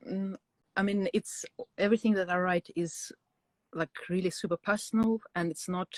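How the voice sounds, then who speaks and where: A woman's voice: fairly low pitch, fairly even intonation, no room sound. Hesitant woman reading her own poems. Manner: hesitant, many pauses and fillers. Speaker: guest poet. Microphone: video call.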